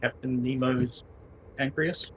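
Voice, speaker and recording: A man's voice: medium pitch, steady tone, slow, highs cut off, slight background noise. A man joining a game stream with casual chat and teasing, joking asides.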